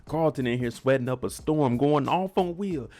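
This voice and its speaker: A man's voice: medium pitch, normal speed, warm tone, faint music behind. Chatty, opinionated male TV recapper. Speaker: TV recap vlogger. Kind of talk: casual recap commentary.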